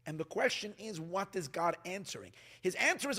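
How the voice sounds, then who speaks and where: Animated rabbi with a bright high voice. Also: male voice, fairly quick. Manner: animated, restarts often, acts out quoted dialogue. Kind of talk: sermon.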